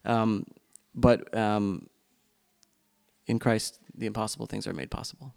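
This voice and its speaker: A man's voice: on the low side, steady tone, a little slow, creaky, darkish tone. A man leading a church class discussion in a loose, unscripted way, with frequent ums and restarts.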